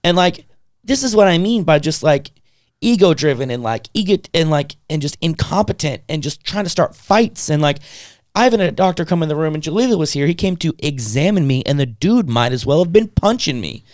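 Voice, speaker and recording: Animated, fast-storytelling man on a podcast. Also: a little high, no room sound, clean studio sound. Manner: swears casually, lots of fillers. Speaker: podcast co-host. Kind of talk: casual storytelling chat.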